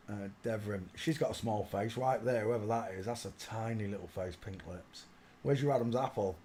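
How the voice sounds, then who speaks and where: A man hosting a casual livestream, commenting while he searches through images, often muttering quietly to himself and breaking into loud laughing outbursts. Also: fairly low pitch, normal speed, slight background noise. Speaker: livestream host.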